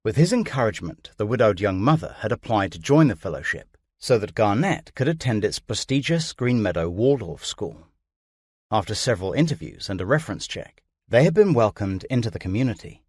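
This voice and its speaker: A man reads a true-crime audiobook in a measured, even way, his voice sitting on the low side. The studio recording is dry and close, with no room echo at all. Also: breathy edge. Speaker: audiobook narrator. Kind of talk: scripted true-crime narration.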